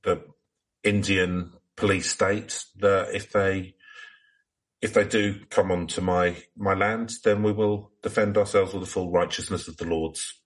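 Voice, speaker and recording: Guy putting on a smug cult guru, deep husky voice, totally deadpan. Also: a little slow. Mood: solemn. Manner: deadpan, mock-solemn pitch. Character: self-righteous male cult guru recruiting followers. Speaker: guest. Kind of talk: comedic improvised role-play.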